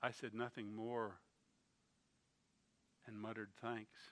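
A man preaching a sermon, telling a story slowly and with feeling, his volume rising and falling. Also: fairly low pitch, flat delivery. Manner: slow, emotional storytelling with swings in loudness.

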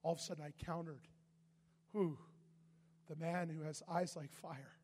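A man preaching a sermon, telling a story animatedly and often shouting, with a husky voice. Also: fairly high pitch, fairly even intonation, normal speed, long reverb tail.

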